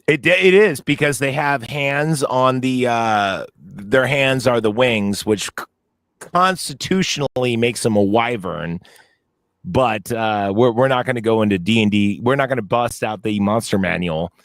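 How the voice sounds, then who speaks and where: A man's voice: medium pitch, measured pace, fairly bright tone, dry recording. A man co-hosting a casual movie-review podcast, telling long anecdotes that drift into tangents. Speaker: podcast co-host.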